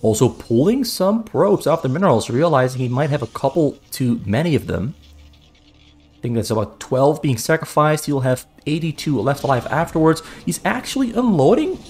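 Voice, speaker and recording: A man giving solo play-by-play commentary on a strategy game match, brisk and running, often repeating key phrases for emphasis. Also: fairly high pitch, big pitch swings, a little mellow. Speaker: esports caster.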